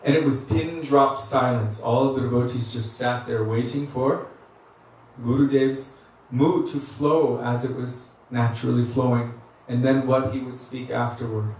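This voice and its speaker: A man's voice: mid-range voice, fairly even intonation, measured pace, a little mellow. A man giving a devotional class, telling stories earnestly and acting out the voices of people in them. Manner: earnest storyteller, acts out quoted voices. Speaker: spiritual teacher giving a class. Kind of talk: devotional lecture with storytelling. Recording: very echoey room, mic at a distance, faint hiss.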